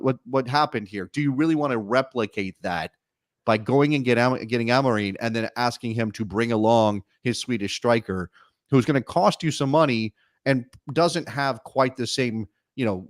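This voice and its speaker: A man co-hosting a soccer talk show, talking in an animated, wry way with many quick restarts. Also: mid-range voice, no room sound, clean studio sound. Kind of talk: casual sports talk.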